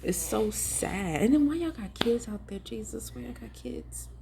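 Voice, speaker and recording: A ministry vlogger gives earnest, emphatic, preachy commentary, talking straight to viewers in a casual, pleading way and calling them y'all. The voice is mid-range, a little slow, and creaky, with background noise.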